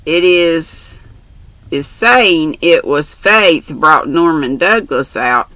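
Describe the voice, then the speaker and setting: A woman's voice: low-pitched, expressive, slow, bright, forceful tone, no echo, exaggerated voice, low-quality recording. A woman voicing a brash, chatty country orphan girl who talks in bossy, boastful slang.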